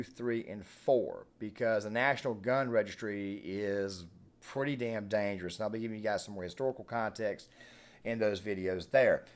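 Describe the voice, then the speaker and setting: A man hosting his own channel, delivering unscripted political commentary in an animated, emphatic way, with frequent fillers and restarts. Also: fairly low pitch.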